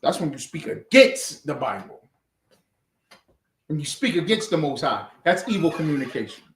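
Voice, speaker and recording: Male scripture teacher preaching to a class, forceful and repetitive, animated pitch, echoey room. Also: normal speed, slight background noise. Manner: forceful, repeats phrases for emphasis.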